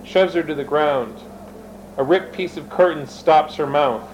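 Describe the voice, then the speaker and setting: A man's voice: fairly high pitch, unhurried, a little mellow, poor audio. A man reading his own fiction aloud, switching between narration and character voices and speaking directly to his listeners. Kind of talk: dramatic reading of an erotic story.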